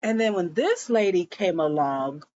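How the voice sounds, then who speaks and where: A woman's voice: fairly low pitch, expressive, measured pace, darkish tone, dull audio, a little hiss or hum. A woman casually recapping a TV episode, gossiping, acting out the characters' lines and cursing along the way. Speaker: show recapper.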